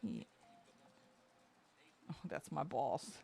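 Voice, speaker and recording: Slow, gravelly-voiced woman chatting. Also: huge pitch swings, dark tone, no echo. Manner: talks in a high coaxing baby voice to her dog; chatty, laughs often. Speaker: streamer. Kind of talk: casual chat while coloring. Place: home.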